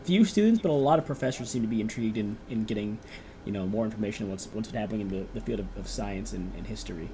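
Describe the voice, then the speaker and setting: A man's voice: fairly low pitch, very fast, background noise. A young man acting as game master, rambling through descriptions and encouraging his players. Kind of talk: narrating a tabletop game.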